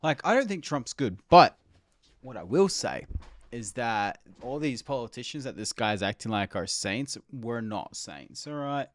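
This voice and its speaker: A man's voice: medium pitch, very animated, measured pace, no echo. Rambling male streamer, dry sound. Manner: rambling, full of "like" and restarts. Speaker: streamer reacting to memes. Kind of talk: casual chat.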